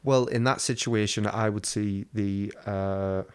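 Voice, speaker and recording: Speaking a little slowly, a man with a low, smooth, darkish voice and fairly even intonation co-hosts a podcast. He spins casual, rambling stories and swears without restraint.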